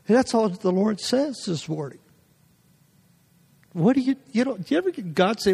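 A middle-aged man delivers a folksy sermon in a church, telling personal stories and chuckling between thoughts. His voice sits high for a man. The sound rings with a long reverb off the hall. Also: animated, normal speed, gravelly, pauses often, darkish tone, husky. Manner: folksy, laughing often, many restarts. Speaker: guest preacher.

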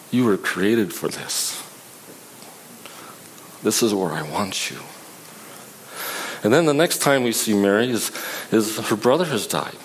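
A man preaching a sermon in a conversational, halting way, often restarting his sentences. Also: lowish voice, a little hiss or hum, rough recording.

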